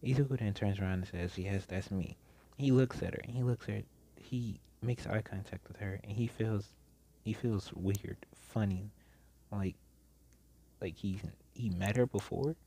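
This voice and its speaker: A man casually telling a fan story, rambling and often restarting his sentences. His voice is fairly low and mellow. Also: a little slow, slight background noise.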